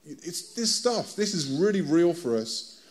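A British-accented man preaches a conversational sermon, his voice fairly high, very animated, and darkish in tone, with an unhurried pace. He keeps stopping to ask his listeners direct questions.

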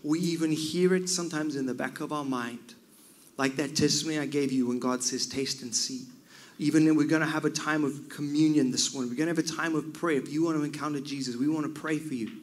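A man preaching a sermon, swinging from loud cries down to near whispers. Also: a little high, steady tone, quick pace.

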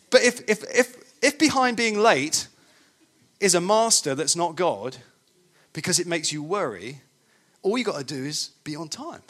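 A man's voice: high-pitched, a bit bright. A man preaching a sermon, emphatic and conversational, often repeating his points. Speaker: pastor.

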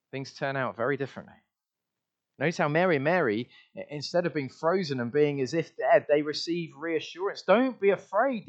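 A man delivers an emphatic sermon in a fairly high voice, leaning hard on repeated refrains. He shifts from loud declarations down to quiet asides. The recording sounds dull and lo-fi. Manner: emphatic, repeats refrains, varies loudness widely. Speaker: preacher.

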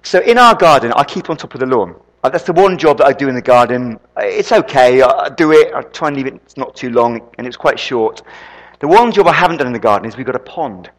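A man preaching a sermon, an animated storyteller who throws quick asides to the congregation. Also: mid-range voice. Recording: long reverb in a hall.

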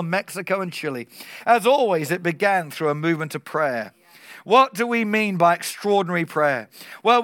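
A man preaching a sermon to a church meeting, emphatic and slowing down on key phrases. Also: sits high, a bit bright, smooth, no room sound, studio quality.

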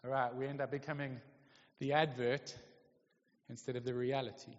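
A man preaches in an easy, conversational way, pausing often to check in with his listeners. His mid-pitched voice carries a long echo in a church hall, and the recording sounds dull and lo-fi. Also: little pitch movement. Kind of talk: sermon. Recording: lo-fi, echoey hall.

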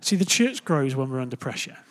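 A young man preaching a relaxed, conversational sermon, chatty and joking, with lots of fillers and quick self-corrections. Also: mid-range voice. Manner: animated, jumps into loud playful asides.

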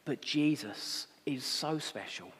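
A man preaching a sermon as pastor, rising to impassioned emphasis and dropping to quiet reflection. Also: a little high, lively intonation, slow pace. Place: church. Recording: long reverb of a church hall.

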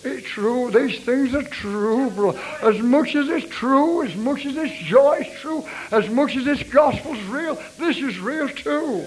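A man's voice: extremely high pitch, expressive, unhurried, few pauses, soft background music, rough recording. A man preaching a fervent revivalist sermon, repeating his refrain and breaking into tongues.

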